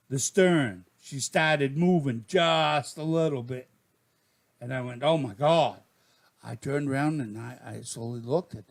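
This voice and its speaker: An older man with a Maine accent tells a rambling comic tall tale in excitable folksy slang. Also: a little high. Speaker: storyteller.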